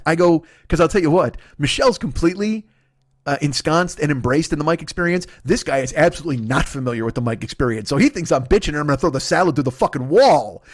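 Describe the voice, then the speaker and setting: A comedian in his forties with a notably high, raised voice, ranting through a story with exasperated swearing. He builds his complaints with fast restarts and mock dialogue. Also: expressive. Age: 40s. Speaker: comedian, podcast host.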